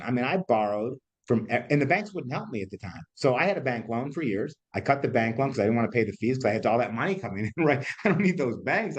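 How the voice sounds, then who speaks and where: Middle-aged guy rattling off his startup war stories fast, swears a lot, laughs. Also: mid-range voice, husky. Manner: animated, swears, laughs while telling stories. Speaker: entrepreneur guest. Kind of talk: candid interview storytelling.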